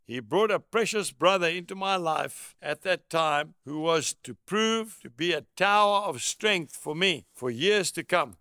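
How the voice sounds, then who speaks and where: A man's voice: high-pitched, sharp tone, no room sound, studio quality. A man narrating a first-person memoir as an audiobook, in an earnest, reflective way.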